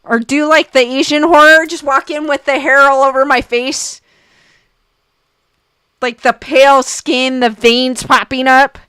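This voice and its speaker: A woman's voice: high voice, level tone, a little slow, pushed and bright, dry recording. A young woman hosting a casual livestream, reading viewer comments aloud and giggling often.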